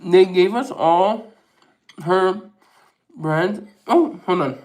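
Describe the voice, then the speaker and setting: Male mukbang host, unhurried and chatty, reads and answers comments between bites, laughs easily. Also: high voice, darkish tone, slight background noise. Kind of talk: casual live chat while eating.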